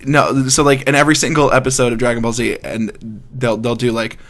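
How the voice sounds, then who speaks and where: A man hosting a casual show, playful and quick to laugh. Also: mid-range voice, flat delivery, a bit bright. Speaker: host. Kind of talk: casual chat.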